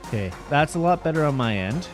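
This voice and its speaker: A man's voice: a little high, expressive, fast, soft background music. A man streaming a game, recapping and chatting casually into a headset mic, rambling and laughing often. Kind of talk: casual gameplay commentary.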